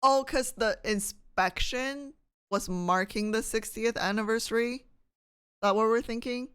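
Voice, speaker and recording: A woman's voice: fairly high pitch, measured pace, clear, resonant tone, dry recording. Chatty woman streamer thinking aloud. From Canada. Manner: reads questions aloud, thinks out loud, laughs often. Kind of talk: casual live-stream chat with viewers.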